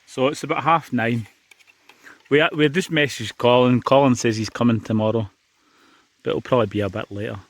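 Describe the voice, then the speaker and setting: A chatty Scottish man talks casually to his viewers, outdoors on a beach. His pitch sits in a middle range. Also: fairly even intonation, normal speed, no room sound. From Scotland. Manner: chatty, addresses viewers as guys. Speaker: vlogger. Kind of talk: casual outdoor vlog chat.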